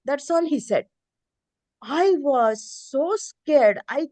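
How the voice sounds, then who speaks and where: A woman's voice: high-pitched, very animated, slow, warm tone, dry recording. A middle-aged woman, earnestly telling a personal story on a video call in a hesitant, emotional way. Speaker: meeting participant, preschool teacher.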